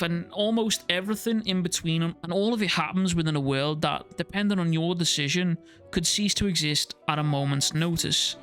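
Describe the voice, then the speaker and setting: A man's voice: fairly high pitch, a bit bright. A young man narrating a scripted video game review, with casual, profane asides.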